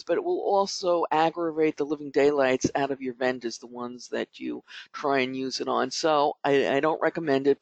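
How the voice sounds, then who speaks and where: A man's voice: on the high side, no room sound. A middle-aged man hosting a podcast, giving advice in a chatty, rambling way with many fillers and restarts. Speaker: podcast host. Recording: dull dry lo-fi podcast audio.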